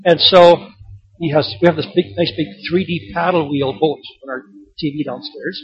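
A man's voice: on the high side, fairly even intonation, normal speed, highs cut off. A man in his sixties preaching a sermon, firing rhetorical questions and building to emphatic peaks. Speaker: pastor.

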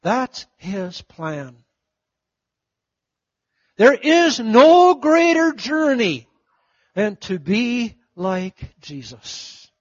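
A middle-aged man preaching a sermon, telling stories and acting out the voices of the people in them, swinging from loud to hushed. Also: very high voice, big pitch swings, extremely slow, pauses often, no echo, highs cut off. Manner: storytelling, acts out quoted voices, big swings from loud to hushed. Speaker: pastor.

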